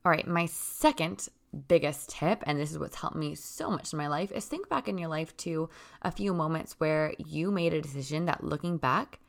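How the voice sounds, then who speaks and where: Low gravelly-voiced woman coaching. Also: expressive, normal speed. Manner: earnest, conversational, lots of "like" and "right?". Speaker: spiritual self-help speaker. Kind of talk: casual motivational talk.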